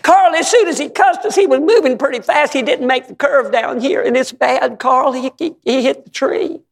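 A man's voice: normal speed, creaky. A man doing a sobbing distraught wife. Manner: high pleading cries. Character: distraught country wife sobbing bad news.

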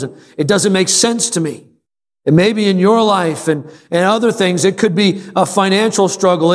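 Earnest man preaching in an echoing sanctuary. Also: fairly high pitch. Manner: earnest, emphatic preaching with repeated phrases. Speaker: pastor. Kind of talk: sermon. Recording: long reverb of a large room.

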